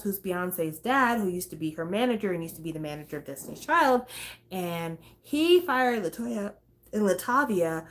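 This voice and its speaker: A woman's voice: mid-range voice, fairly bright tone. A woman hosting a casual talk stream, chatty and swearing, breaking into snatches of songs. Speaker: host. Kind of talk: casual chat.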